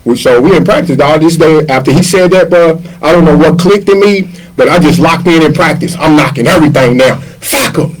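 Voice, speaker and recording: A man, a chef and former basketball player, telling stories as a podcast guest in a slangy, animated way and acting out the voices of the people he quotes. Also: a little high, fairly quick, hardly any pauses, poor audio. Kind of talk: casual storytelling interview.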